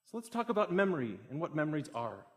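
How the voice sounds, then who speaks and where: A young man giving a public talk, telling a story with growing excitement. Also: a little high, fast talker. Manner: animated, builds excitement through a story.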